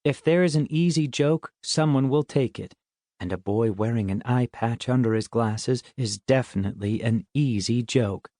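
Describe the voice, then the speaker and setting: A man's voice: medium pitch, normal speed, dark tone, no echo. Guy reading a kids' audiobook, dry close sound, easygoing and wry. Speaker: audiobook narrator. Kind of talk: first-person audiobook narration.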